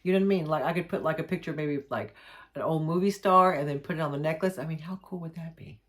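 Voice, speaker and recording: Excited woman vlogger, slightly low voice, gushing unboxing chat with lots of restarts. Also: fast. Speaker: jewelry maker unboxing mail. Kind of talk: casual unboxing vlog chat.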